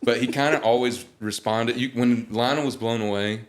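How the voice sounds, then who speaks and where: A young man, a guest singer, telling animated, joking stories in a casual interview. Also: medium pitch, normal speed.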